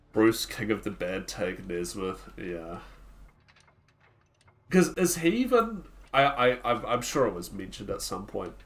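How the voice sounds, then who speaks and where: A man's voice: on the low side, big pitch swings, slow, pauses often. A man streaming a card game, chatting loosely with his viewers in a rambling way, full of "like" fillers. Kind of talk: casual live-stream chat while playing.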